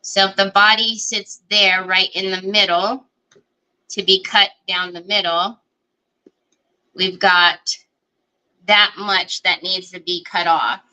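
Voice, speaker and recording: Bright-voiced woman chatting while crafting. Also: mid-range voice, flat delivery, slow, long pauses, smooth, poor audio. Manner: chatty, greets viewers by name while working; thinks aloud, asks viewers for advice. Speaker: craft livestream host. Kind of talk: casual live crafting chat.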